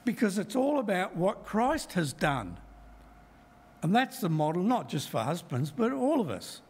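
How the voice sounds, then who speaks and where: A middle-aged man giving a Bible talk to a congregation, measured and emphatic as he works through verses. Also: sits high, sing-song, darkish tone, husky. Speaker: lay preacher.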